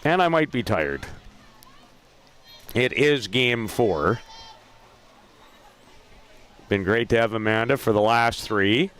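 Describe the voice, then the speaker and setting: A man calling a softball game play by play, lively, with self-deprecating asides about player names. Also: mid-range voice, slow, long pauses. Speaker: play-by-play announcer. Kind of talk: sports commentary.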